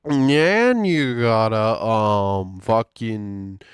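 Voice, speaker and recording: A man putting on the voice of a loud, dismissive male retail boss who shouts his workers down. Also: lowish voice, very slow, clear, resonant tone, no room sound, pitched below the performer's own voice. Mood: mocking.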